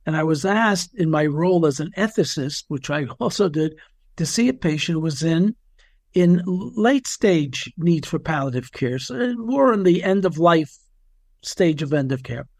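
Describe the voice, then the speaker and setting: A middle-aged man who works as an ethicist, telling stories in a measured, conversational way and sometimes stumbling on his words. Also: on the high side, lively intonation, no room sound, studio quality. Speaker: ethicist and physician doing assessments. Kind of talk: conversational storytelling.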